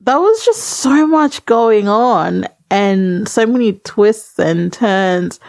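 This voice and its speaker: A woman's voice: medium pitch, lively intonation, slow pace, vocal fry, a little mellow, dry recording. A woman co-hosting a podcast in casual chat, rambling and hesitant with many fillers. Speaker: podcast co-host.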